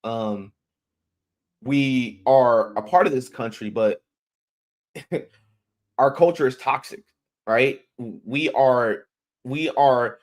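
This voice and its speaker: A man delivers a heated commentary rant on stream, blunt and profane. His voice sits in an ordinary middle pitch, and he keeps repeating words and restarting sentences as he pushes his argument.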